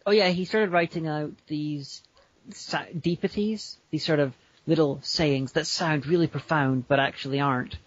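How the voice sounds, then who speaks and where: A man's voice: a little high, normal speed, lo-fi sound. A man co-hosting a podcast in casual chat, rambling and breaking into silly voices. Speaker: podcast co-host.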